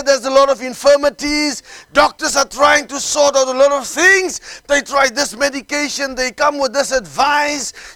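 A man delivers a sermon, scattering "hallelujah" and "amen" through his phrases as he swings between calm storytelling and fervent shouting. His voice is very high, and the recording has no room sound.

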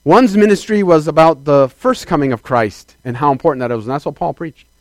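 A man preaching a sermon as a pastor, swinging between loud declarations and quiet asides and calling out to the congregation. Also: on the high side, fairly quick, no room sound. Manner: calls out to the congregation for affirmation.

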